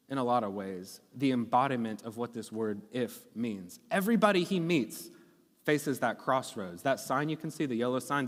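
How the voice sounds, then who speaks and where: A man's voice: mid-range voice, big-room sound. A man preaching a sermon in a conversational, teaching way, often checking in with the congregation. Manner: conversational teaching with frequent okay and right checks. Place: church sanctuary.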